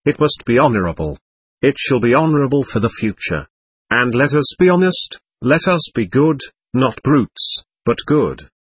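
A man's voice: medium pitch, animated, normal speed, husky, dry recording. A man voicing a passionate, impulsive young woman in an audiobook, pleading and emotional. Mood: imploring. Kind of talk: audiobook narration.

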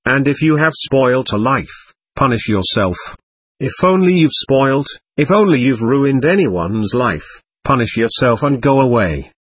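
A man's voice: medium pitch, expressive, unhurried, a bit bright, breathy edge, no echo. A man doing a frantic, feverish young nobleman. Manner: urgent, frantic. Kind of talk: audiobook character voice.

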